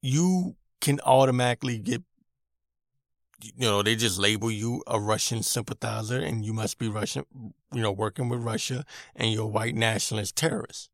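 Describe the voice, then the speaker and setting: A man's voice: on the low side, moderate pace, no echo, studio quality. A man hosting his own podcast, giving an irritated, emphatic opinion rant and repeating his points for emphasis. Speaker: podcast host.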